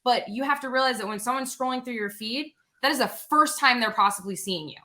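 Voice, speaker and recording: A young adult woman talking as a guest in a casual interview, energetic and animated, speaking quickly with lots of "like". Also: a little high.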